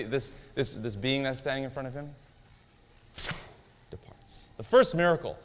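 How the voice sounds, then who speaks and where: A man's voice: mid-range voice, a bit bright. A man teaching a Bible lesson in a casual, conversational way, often quizzing his listeners with questions. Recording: long hall reverb.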